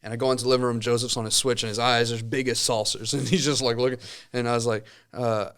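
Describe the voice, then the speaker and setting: A man in his thirties telling a personal story in casual chat, with lively, halting restarts. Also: medium pitch, smooth. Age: 30s. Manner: animated storytelling with many restarts. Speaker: co-host.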